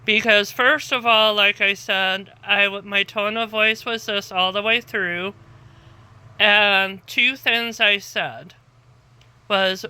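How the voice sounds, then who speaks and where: A woman telling a story to the camera in a calm, rambling way that circles back and repeats itself. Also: medium pitch, slow pace, clean tone. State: tired, half asleep. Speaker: vlogger.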